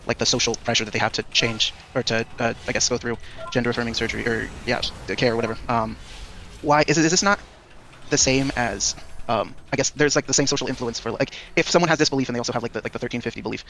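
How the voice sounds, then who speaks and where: A man's voice: medium pitch, fast talker, a bit bright, slight background noise. A man calling in with a long, hesitant question full of fillers. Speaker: caller. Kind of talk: casual question.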